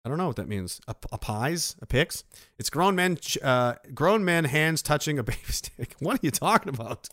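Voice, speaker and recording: A man's voice: a little high, big pitch swings, moderate pace, a bit bright, no room sound, studio quality. A middle-aged man hosting a casual livestream, reading out viewer messages and reacting with sarcastic, swearing rants. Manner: sarcastic, ranting, swears freely.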